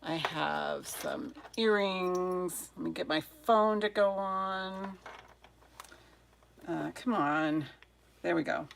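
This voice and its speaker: A woman's voice: on the low side, takes it slowly, gravelly, a little hiss or hum. A woman hosting a live jewelry sale stream, chatting casually and muttering to herself while fighting her devices, then greeting viewers one by one. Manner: flustered, chatty, muttering to herself over tech trouble.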